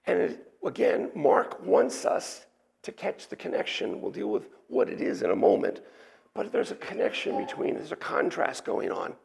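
A man's voice: high-pitched, wildly swooping pitch, normal speed, vocal fry, a little mellow. A man preaching a sermon, explaining a scripture passage verse by verse in a teacherly way, with asides and restarts. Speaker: pastor. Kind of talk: expository sermon.

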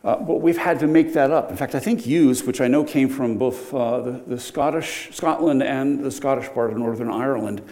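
An older man preaching a sermon with a mellow, warm voice at a middling pitch. He talks in a casual, conversational way. Now and then he swings up loud and high for emphasis. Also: normal speed, hardly any pauses. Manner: conversational, animated, with sudden loud emphatic rises.

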